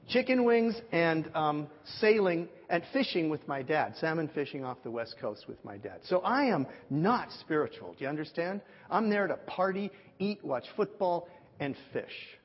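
Pastor type, man, slightly high and husky voice, spins animated anecdotes from the pulpit. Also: normal speed. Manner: animated storyteller, acts out dialogue. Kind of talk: sermon storytelling. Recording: muffled sound with long hall reverb.

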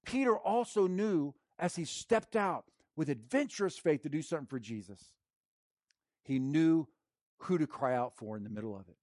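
A male pastor preaching a sermon in an emphatic, conversational way, swinging from loud bursts to hushed moments. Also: fairly high pitch, expressive, normal speed, dry recording, clean studio sound. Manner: conversational, slangy, with restarts.

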